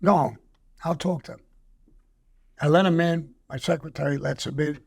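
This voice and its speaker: Gravelly older New man telling stories. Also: a little high, normal speed. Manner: profane, animated, acts out quoted dialogue. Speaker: guest. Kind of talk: casual storytelling.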